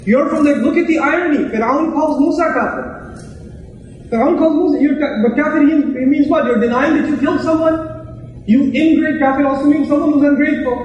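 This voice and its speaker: High, fast-talking preacher in an echoey room. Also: male voice, darkish tone, lo-fi sound, slight background noise. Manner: conversational, asks rhetorical questions. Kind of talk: sermon. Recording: echoey room, mic at a distance.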